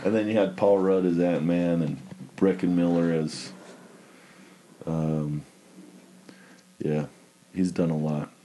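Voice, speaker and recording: A man casually talking about a movie with friends, relaxed and rambling, with many fillers. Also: deep voice, slow pace, pauses often, a little hiss or hum.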